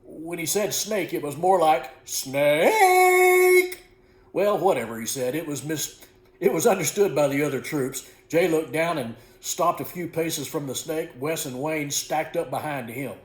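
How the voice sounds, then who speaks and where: A man reads his own storybook in a folksy, unhurried voice that sits a bit high for a man. He stumbles now and then and corrects himself. The recording carries a noticeable room echo. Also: darkish tone. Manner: folksy, unhurried, with small slips corrected as he goes. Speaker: author reading his own book. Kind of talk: storybook narration. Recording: echoey room.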